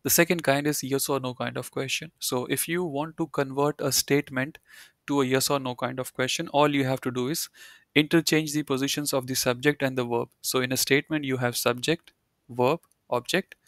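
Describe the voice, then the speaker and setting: A man's voice: mid-range voice, fairly even intonation, fairly quick, fairly bright tone, no room sound, clean studio sound. A man teaching a German lesson, explaining step by step and often repeating key points with "you know" and "right". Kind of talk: live online language lesson.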